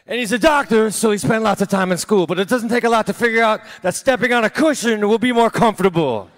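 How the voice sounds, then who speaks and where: A man in his thirties doing a stand-up set on a theater stage, delivering deadpan one-liners that trail off into small laughs at himself. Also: high-pitched. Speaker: stand-up comedian. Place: large theater stage, live audience.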